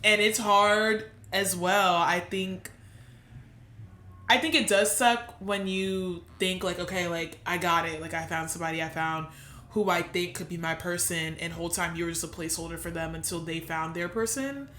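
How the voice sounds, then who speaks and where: Young woman co-host, bright and candid, swears freely, echoey room. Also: lowish voice, steady tone, normal speed, a little hiss or hum. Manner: emotional, swears freely, laughs through tears. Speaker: podcast co-host. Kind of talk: candid casual chat.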